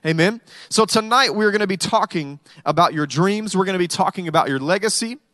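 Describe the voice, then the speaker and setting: A man with a high voice preaching a sermon, relaxed and chatty, and he drops jokes and stories into the message. The sound is dry and close, with no room echo. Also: fairly quick. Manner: conversational preaching with humorous storytelling. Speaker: pastor.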